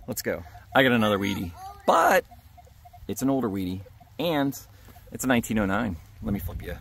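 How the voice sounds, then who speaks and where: A man's voice: lowish voice, big pitch swings, a little fast, creaky, a bit bright, a little hiss or hum. A man hosting a metal detecting vlog, narrating casually on the spot outdoors at a dig site and cheering on his friends in an upbeat way.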